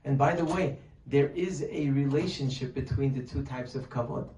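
Male preacher, mellow voice from a distance in a roomy hall, lively rhetorical delivery. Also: medium pitch, moderate pace. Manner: animated, rhetorical questions, acts out pleading voices. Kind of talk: sermon. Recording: distant mic, echoey room, faint noise.

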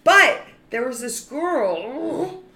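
A woman in her twenties co-hosting a podcast, telling stories in an animated, wry way. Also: high voice, extremely slow. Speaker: podcast co-host. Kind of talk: casual storytelling chat.

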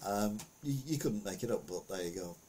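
A man's voice: on the low side, animated, a little fast, dark tone, a little hiss or hum. A man giving a casual, rambling commentary on the week's news, full of anecdotes and asides.

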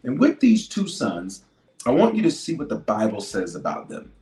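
A man, a bishop, preaching a leadership sermon. He repeats key lines for emphasis and swings from loud declarations to hushed asides. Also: mid-range voice, huge pitch swings, moderate pace. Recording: roomy echo with faint music.

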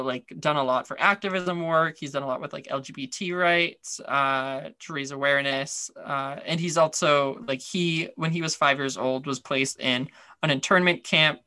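A man's voice: fairly high pitch, bright, forceful tone, no room sound, clean studio sound. A man co-hosting a podcast, chatting casually with lots of fillers and restarts. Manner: chatty, rambling, many fillers. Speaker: podcast co-host. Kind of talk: casual chat.

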